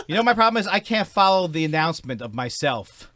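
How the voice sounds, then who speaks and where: A middle-aged man from New York with a New York accent, a comedian rambling and joking about himself in a podcast chat, sometimes jumping into loud high bits. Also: expressive, a little slow, long pauses, no room sound. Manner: rambling, self-mocking, bursts into shouted high-pitched bits. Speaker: comedian guest.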